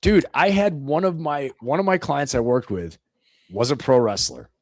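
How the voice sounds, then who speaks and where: A middle-aged man chatting on a live stream, telling animated stories and acting out voices as he goes. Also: medium pitch, normal speed, no echo. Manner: animated storyteller, acts out voices. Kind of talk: casual live-stream chat.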